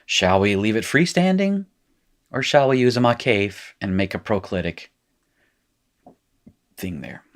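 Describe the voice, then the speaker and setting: A man's voice: fairly low pitch, animated, unhurried, long pauses. A middle-aged man teaching a recorded lesson, chatty and explanatory, thinking aloud as he works.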